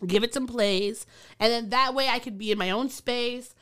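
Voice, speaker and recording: High clear-voiced woman podcast host. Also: moderate pace, a bit bright. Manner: chatty, laughs often. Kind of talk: casual chat.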